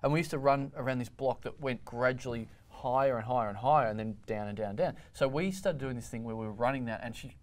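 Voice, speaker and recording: Fast-talking comedian telling a story. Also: male voice, medium pitch. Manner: animated storyteller, acts out quotes. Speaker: comedian panelist. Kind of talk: casual chat, anecdote telling.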